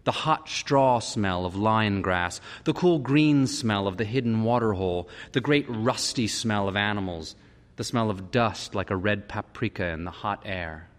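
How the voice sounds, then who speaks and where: A man's voice: lowish voice, a little slow. A man narrating a story aloud, lingering vividly over the descriptions. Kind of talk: dramatic story reading. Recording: reverberant hall.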